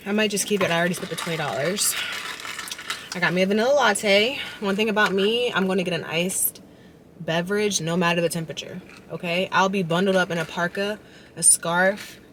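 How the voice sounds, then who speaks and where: A woman chatting casually to her vlog viewers while out in her car, talking to a phone camera. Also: fairly low pitch. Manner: chatty, animated, frustrated storytelling. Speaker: vlogger. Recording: loud road and car noise. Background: car and traffic noise.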